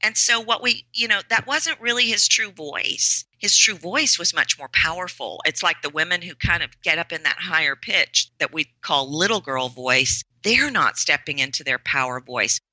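A woman's voice: on the low side, expressive, moderate pace, few pauses, bright, forceful tone, no room sound, rough recording. A woman voice coach answering podcast interview questions, emphatic and repeating words for stress. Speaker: voice and presentation coach.

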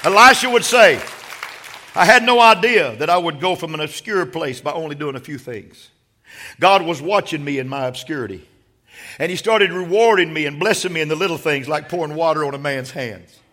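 A man preaching a sermon as pastor of a church, swinging from hushed asides to shouted appeals. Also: fairly high pitch, expressive, a little fast, some chatter behind. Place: church sanctuary.

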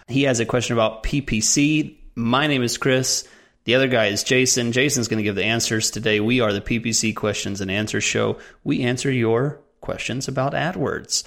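Male podcast co-host, casual and jokey, laughs easily, mid pitch. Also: a bit bright.

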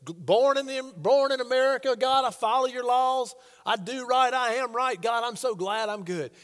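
A man's voice: extremely high pitch, normal speed, fairly bright tone, in a large hall, voice pushed up. A preacher putting on a smug, boastful praying man. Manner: boastful, self-satisfied.

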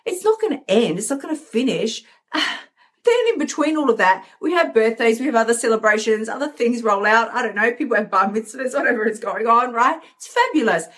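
Brief: higher-voiced woman, upbeat motivational coach, emphatic, plays out inner voices. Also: expressive, brisk, fairly bright tone. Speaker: host, coach. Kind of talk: motivational live stream talk.

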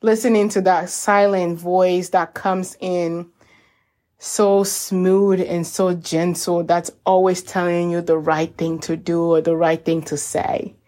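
A woman hosting a self-help podcast, talking in a gentle, encouraging way and calling her listeners y'all. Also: on the low side, level tone, slow pace. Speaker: podcast host. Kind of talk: reflective self-help talk.

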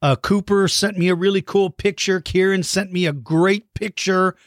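A man's voice: high-pitched, fairly even intonation, normal speed, no echo, studio quality. Upbeat man hosting a kids' dinosaur show. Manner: enthusiastic, with mock-outraged playful shouts. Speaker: kids' dinosaur channel host. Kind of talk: casual chat to young viewers.

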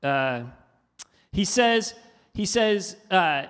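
A man preaching a sermon, asking his listeners questions in an animated, conversational way. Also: high-pitched, normal speed. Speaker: pastor. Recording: hall reverb.

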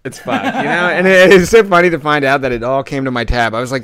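A man's voice: medium pitch, fast talker, hardly any pauses, smooth. Rambling young man telling stories. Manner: rambling animated storytelling with swearing. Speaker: podcast co-host. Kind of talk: casual chat.

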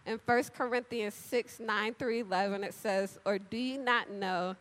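A woman preaching an animated, chatty sermon, talking straight to the congregation and acting out little conversations. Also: medium pitch, a little slow. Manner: animated, chatty, addresses crowd directly; acts out dialogue with big voice swings. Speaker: church speaker. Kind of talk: lively sermon with storytelling.

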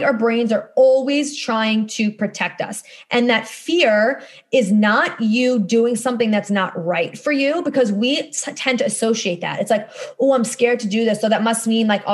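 A woman in her thirties hosting a casual podcast monologue, talking bluntly and emphatically, with casual swearing. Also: a little high. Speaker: podcast host and course coach.

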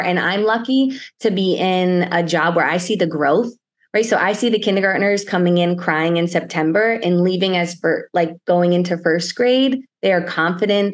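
A woman in her thirties speaks as a school counselor guest, explaining things calmly and with care. Her voice sits somewhat low for a woman. She answers in a casual, conversational way. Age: 30s.

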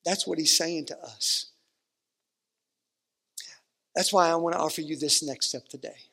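A man's voice: on the high side, fairly quick, creaky, bright, forceful tone, husky, big-room sound. A man preaching a sermon as pastor, earnest and stretching out key words for emphasis.

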